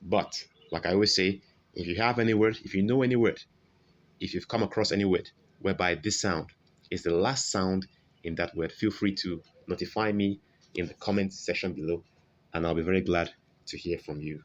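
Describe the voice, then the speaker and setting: Man, very low voice, unhurried, English pronunciation teacher, repeats sounds, slightly muffled audio. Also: fairly even intonation. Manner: slow, repetitive, modelling sounds, frequent "okay?" check-ins. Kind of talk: online phonetics lesson.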